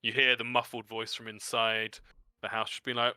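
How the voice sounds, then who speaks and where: A man's voice: medium pitch, completely flat delivery, normal speed, pushed and bright, clean tone, no room sound. A man narrating as game master of a tabletop role-playing game, describing scenes vividly and adding sound effects.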